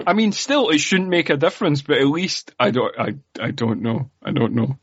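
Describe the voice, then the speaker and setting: Animated Scottish man on a podcast. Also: moderate pace, breathy edge, no room sound, dull audio. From Scotland. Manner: animated, incredulous, jumps up in pitch when making a point. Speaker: podcast co-host. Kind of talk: casual film discussion.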